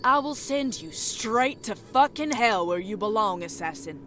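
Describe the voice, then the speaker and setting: An aggressive frontier woman in a game, drawling in a Western accent. Her voice climbs and falls in wide swings as she snarls coarse threats. Steady background noise sits under the game audio. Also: mid-range voice, unhurried. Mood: hostile. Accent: American Western. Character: aggressive hostile Old West woman.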